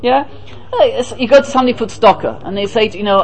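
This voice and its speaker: A man with a very high voice gives a Torah lecture as a rabbi. He asks rhetorical questions, answers them himself, and slips into the voices of the people he quotes. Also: fast talker, poor audio. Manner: lively, acts out the people he quotes.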